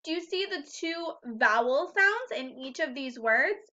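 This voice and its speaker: A woman teaching phonics to young children in a high, bright voice. She talks slowly and clearly, stretching out sounds and praising often. The recording is a little dull and lo-fi. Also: animated. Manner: slow, clear, encouraging teacher talk with drawn-out sounds. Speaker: first grade teacher.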